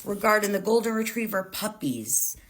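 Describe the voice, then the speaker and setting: A woman voicing a kind, gentle female dog breeder on a phone call, raising her voice high and soft. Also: animated, normal speed, lightly acted.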